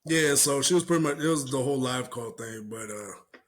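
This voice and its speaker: A man's voice: medium pitch, brisk. A young man co-hosting a podcast, retelling an online argument in casual, profane slang and mimicking the people in it. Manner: animated retelling with mimicked voices, cursing, laughing. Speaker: podcast co-host. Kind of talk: casual chat.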